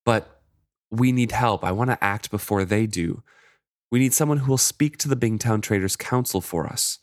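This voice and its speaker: A man voicing a gentle, earnest female merchant who speaks softly and reluctantly. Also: lowish voice, moderate pace, no echo, studio quality, lightly acted. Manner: soft, reluctant, pleading.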